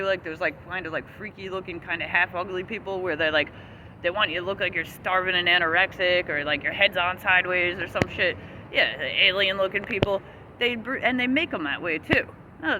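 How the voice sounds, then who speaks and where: A man delivering an agitated, profane, rambling rant as a vlogger. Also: high-pitched. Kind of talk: angry ranting monologue. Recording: street noise outdoors.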